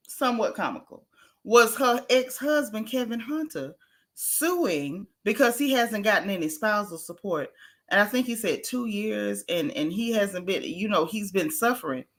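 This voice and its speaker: Woman, gossip-stream host, bright and punchy voice, chatty and emphatic, reads chat comments aloud. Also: medium pitch. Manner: emphatic, repeats phrases. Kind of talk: casual livestream commentary.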